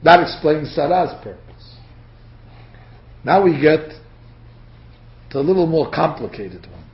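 A man's voice: on the high side, unhurried, creaky. A man teaching a Torah lecture to a class, acting out the quotes as he goes. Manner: animated, acts out quotes. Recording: dull lo-fi lecture recording.

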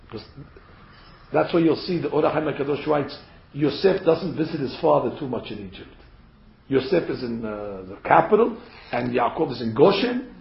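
A man teaches a Torah class to a group of women, earnest and emphatic, posing rhetorical questions and pressing hard on key points. His voice is fairly high and creaky, heard in an echoey room with dull, lo-fi sound.

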